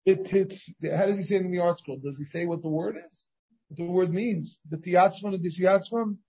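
A rabbi teaching a Talmud class, reading passages and explaining them phrase by phrase with frequent restarts. His voice sits high and sounds husky. The recording is dull and lo-fi. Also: moderate pace. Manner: reads Hebrew and Aramaic text and translates it, with many restarts.

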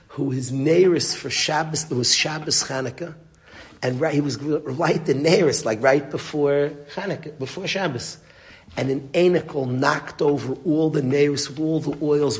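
A man's voice: fairly high pitch, normal speed. Earnest man teaching a Torah class. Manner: earnest, mixes Hebrew and Yiddish words into English. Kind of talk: Torah lecture.

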